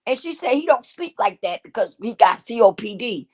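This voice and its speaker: A woman's voice: fairly high pitch, sing-song, moderate pace. A middle-aged woman hosting her own show, telling a personal story in an emotional, repetitive way and speaking straight to her listeners. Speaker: host.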